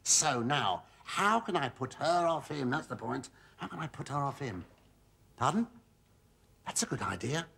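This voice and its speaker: A middle-aged actor playing a bumbling, scheming Roman slave who rambles in flustered asides to the audience, in a 1970s TV sitcom. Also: male voice, medium pitch, lively intonation, measured pace, gravelly, sharp tone, slightly rough, exaggerated voice. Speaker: servant. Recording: noisy 1970s TV sitcom recording.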